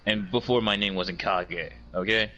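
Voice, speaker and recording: A man in casual podcast chat, telling a story with lively energy. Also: normal speed, muffled recording. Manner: animated storyteller, mimics opponents in high squeals.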